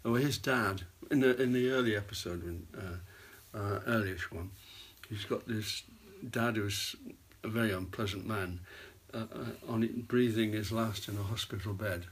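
An older man, an actor, telling rambling anecdotes in an interview and dropping into hushed asides. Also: fairly low pitch, moderate pace, few pauses, slightly rough. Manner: rambling storyteller, drops to hushed whispers for asides. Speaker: actor guest.

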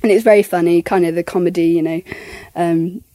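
Lively woman stumbling through a description. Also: on the low side, brisk, no echo. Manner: lively, repeats words, acts out quotes. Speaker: actress. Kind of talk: interview soundbite.

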